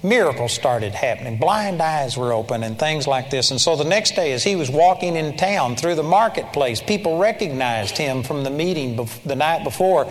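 A man's voice: on the high side, lively intonation, normal speed, few pauses. A man preaching a sermon in an emphatic way, sometimes mimicking timid, pleading prayers. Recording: long hall reverb.

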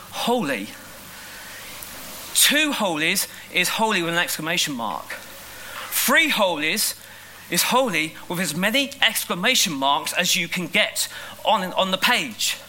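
A man preaching a sermon in an animated, emphatic way, rushing through asides and slowing down on key lines. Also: high voice, a little hiss or hum, rough recording. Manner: animated, emphatic, shifts between quick asides and slow stressed lines. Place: school hall.

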